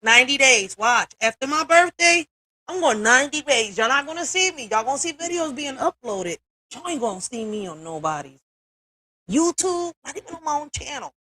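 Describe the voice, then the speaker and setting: A woman with a high, bright voice chats candidly as a livestream host. She swears and laughs freely, and her voice sounds close and dry. She talks straight into a computer mic at her desk. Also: lively intonation, normal speed, no echo, rough recording. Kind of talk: casual livestream commentary.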